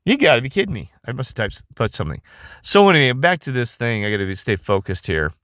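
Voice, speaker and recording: A man's voice: medium pitch, big pitch swings, fast, fairly bright tone, no room sound, studio quality. A tired middle-aged man talking in a rambling casual monologue, often losing his thread and restarting, recorded on a phone. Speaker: vlogger.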